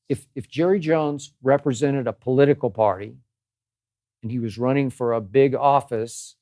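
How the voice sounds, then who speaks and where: An older man sounds off in a sports commentary monologue, hammering his points and repeating phrases with exasperated emphasis. His voice sits at an ordinary pitch, recorded close and dry with no room sound. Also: darkish tone, dry recording. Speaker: host.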